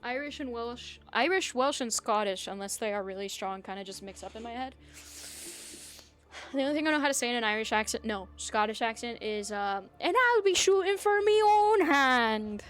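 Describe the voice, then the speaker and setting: A woman's voice: a little high, fairly quick, a bit bright. A young woman streaming a video game, chatting with her viewers in a rambling, casual way and often losing her train of thought. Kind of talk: casual live-stream chat while gaming.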